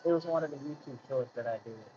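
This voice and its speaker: A man's voice: mid-range voice, quick pace, warm tone. Man, casual vlog rant, rhetorical questions, colloquial talk, dull lo-fi sound. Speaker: vlogger. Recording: muffled lo-fi with faint hiss.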